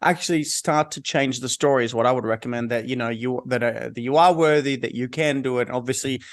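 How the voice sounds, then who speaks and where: A man's voice: medium pitch, brisk. A man hosting an interview. He asks questions in a rambling way and restates his guest's ideas back to him. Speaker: interview host.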